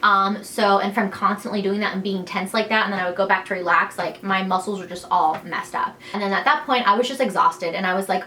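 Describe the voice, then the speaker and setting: This is a young woman chatting straight to the camera, frank and easygoing, her voice sitting at an ordinary pitch for a woman. She keeps dropping in "like" and "you know" and slips into quoting other people as she goes. A faint noise hums under the recording. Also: fairly even intonation, fairly quick, hardly any pauses, pushed and bright. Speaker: vlogger telling her birth story. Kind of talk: candid storytime vlog.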